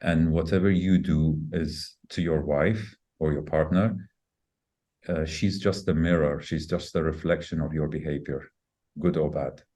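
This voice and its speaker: Low-voiced man telling his story. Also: steady tone, a little slow, mellow. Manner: earnest, reflective, speeds up when quoting himself. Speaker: podcast guest. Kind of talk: candid personal storytelling.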